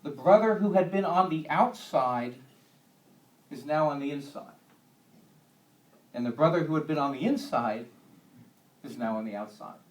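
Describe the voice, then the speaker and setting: A man's voice: fairly high pitch, animated, normal speed, pauses often. A man teaching a Bible lesson to a church group in a conversational way, with homely humorous asides. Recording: echoey room, distant mic.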